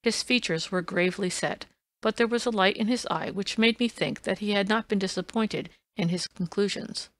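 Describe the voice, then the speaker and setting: A woman narrating a classic story as an audiobook, in even, unhurried storytelling. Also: medium pitch, no echo. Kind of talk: scripted narration.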